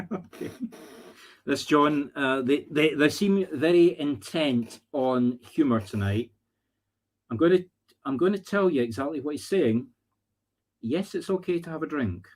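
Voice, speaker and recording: A Scottish man working as a medium on a live stream, talking earnestly and haltingly, often searching for words. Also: a little high, lively intonation. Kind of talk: live-streamed spirit readings.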